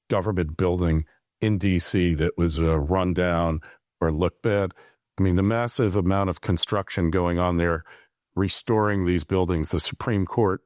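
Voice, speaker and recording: A man's voice: low voice, a little mellow, no room sound, studio quality. A man hosting a political interview podcast, talking in a loose, conversational way with plenty of fillers. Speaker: podcast host.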